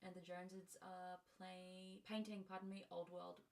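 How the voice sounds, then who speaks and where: A woman's voice: fairly low pitch, little pitch movement, moderate pace, gravelly, far from the mic. A woman co-hosting a live stream, reading viewer names aloud with light teasing. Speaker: co-host reading the chat. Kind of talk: casual live-stream banter.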